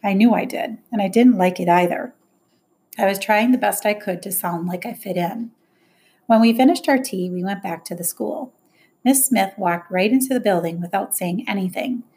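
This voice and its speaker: Woman, audiobook narration, measured, middle pitch. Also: a little mellow, husky. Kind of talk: first-person audiobook narration.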